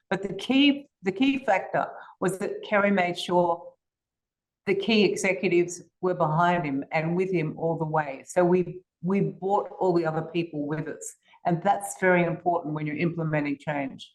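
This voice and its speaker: A woman's voice: fairly low pitch, low-quality recording. An older woman with an Australian accent, a guest telling stories in a podcast interview in an assured way. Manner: assured, storytelling, occasional restarts.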